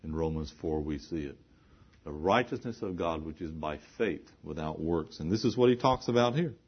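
A man with a very low voice preaches a sermon, pressing his points through repetition and rhetorical questions. The recording is dull and lo-fi, with the top end muffled. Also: animated, moderate pace, breathy edge.

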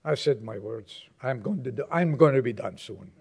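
A male pastor preaching a sermon to his congregation, emphatic and moving between loud exhortation and quiet, low asides. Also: animated, moderate pace, breathy edge.

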